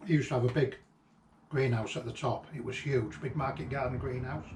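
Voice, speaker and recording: A man reminiscing casually about a late friend, halting and reflective, with frequent ums and restarts. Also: medium pitch, fairly even intonation, a little mellow. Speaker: vlogger remembering a late friend. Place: at the friend's old house and garden. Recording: roomy echo, distant mic, faint ambient noise.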